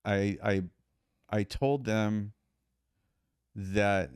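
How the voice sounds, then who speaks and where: Guest voice: emphatic middle-aged man, low and smooth, dry close sound. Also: very slow, no room sound. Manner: emphatic, animated retelling with quoted dialogue. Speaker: podcast guest. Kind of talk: storytelling in conversation.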